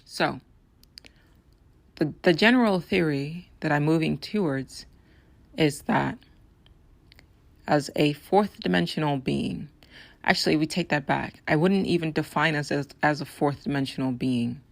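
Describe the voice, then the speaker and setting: Hoarse, gravelly woman podcaster. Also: deep voice, a little slow, pauses often, no echo. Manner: earnest, explaining and persuading. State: raspy, hoarse voice. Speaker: podcast host. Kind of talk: solo podcast monologue.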